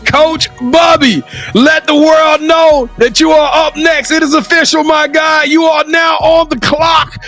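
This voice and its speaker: A male co-host with a very high, gravelly voice closes the show in an energetic, sing-song shout. Faint music plays behind him. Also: measured pace, few pauses. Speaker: podcast co-host. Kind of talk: hype outro, sign-off.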